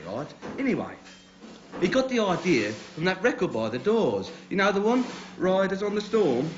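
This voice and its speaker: An actor playing an anxious, long-winded builder, who lectures in an excitable way. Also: male voice, a little high. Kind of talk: TV drama acting. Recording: dull TV soundtrack, faint noise.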